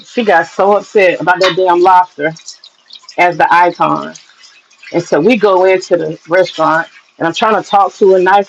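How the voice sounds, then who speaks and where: A woman's voice: on the low side, moderate pace, pauses often, dull audio, a little hiss or hum. A woman telling stories and cooking in a casual vlog, chatty and profane. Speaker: cooking vlogger.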